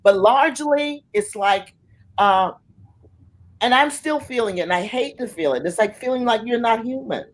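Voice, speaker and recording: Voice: mid-range voice, expressive, moderate pace. A middle-aged arts facilitator speaking on a panel, telling personal stories with passion, acting out the voices they quote and often restarting words. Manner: impassioned, acts out quoted voices, frequent restarts. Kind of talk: panel talk, personal storytelling.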